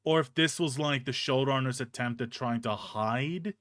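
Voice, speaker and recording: A man's voice: medium pitch, normal speed, no echo. A young man streaming, ranting casually and profanely with many restarts, in a hot room with a fan on. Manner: animated, profane, rambling with restarts.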